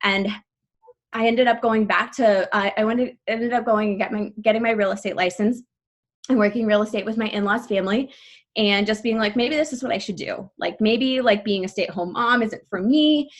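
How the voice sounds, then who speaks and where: A woman in her thirties leading a team call, telling a personal story quickly and breathlessly, full of "like" fillers, her voice shaking with emotion. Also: medium pitch. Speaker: team leader speaking to her coaching team.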